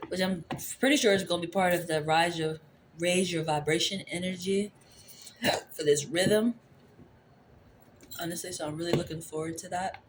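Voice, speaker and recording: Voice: mid-range voice, steady tone, normal speed, pauses often, background noise. An adult tarot reader giving a casual, rambling spiritual reading into a phone camera, returning to the same phrases. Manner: rambling, repeats favorite phrases.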